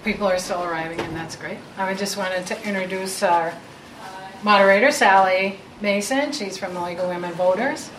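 A woman's voice: medium pitch, normal speed, fairly bright tone. A woman opens an event in a community center meeting room, friendly and informal. Her voice rings in the echoey space. Noticeable background noise surrounds her. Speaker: event host. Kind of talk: welcoming an audience.

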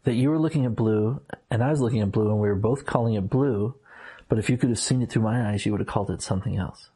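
Middle-aged man, husky voice, earnest, halting, reflective storytelling, interview guest. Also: lowish voice, mellow. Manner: earnest, halting with many restarts and fillers. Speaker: former minister, interview guest.

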